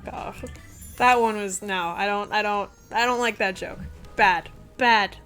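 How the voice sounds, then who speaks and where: A young woman streamer reading game dialogue aloud, swinging between loud outbursts and hushed storytelling. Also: mid-range voice, a little slow, soft background music.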